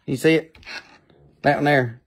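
Joking Appalachian rock seller with gravel. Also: male voice, on the high side, steady tone, moderate pace. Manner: joking, rambling, playful funny voices. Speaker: live-stream rock seller. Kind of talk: casual live sales chat.

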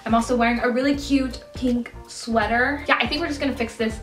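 A woman's voice: fairly even intonation, brisk. A young woman with a slight lisp from aligners, getting over a cold, chatting casually and self-mockingly as she does her makeup for a vlog. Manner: chatty, self-mocking, bursts into high baby talk. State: recovering from a cold. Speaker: beauty vlogger. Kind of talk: casual get-ready-with-me chat. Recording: roomy, mic a little distant, soft music.

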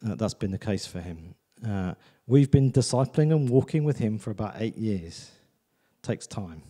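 This visiting preacher has a warm, lowish voice and delivers a sermon in church at a moderate pace, animated and chatty, often asking "do you know what I mean." A long reverb tail hangs on his words.

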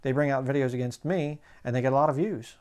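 A man preaching a sermon in a conversational way, slowing down to read scripture aloud. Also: mid-range voice, darkish tone.

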